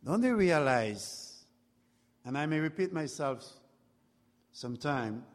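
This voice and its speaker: A man preaching a sermon, speaking slowly and deliberately and rising into loud exclamations. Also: a little high, lively intonation, long reverb tail. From outside Canada.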